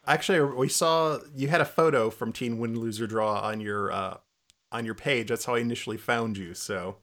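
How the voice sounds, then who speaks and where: A man's voice: medium pitch, moderate pace, fairly bright tone. A man hosting a laid-back interview, reacting to his guest and asking about the guest's work. He speaks in an everyday, mid-range voice. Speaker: podcast host. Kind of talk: casual interview chat.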